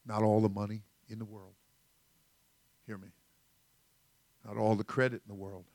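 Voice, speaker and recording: A man's voice: fairly low pitch, level tone, moderate pace, darkish tone, dry recording. Folksy older male pastor, dry sound. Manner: folksy, rambling storytelling with asides. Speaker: senior pastor. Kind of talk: conversational sermon.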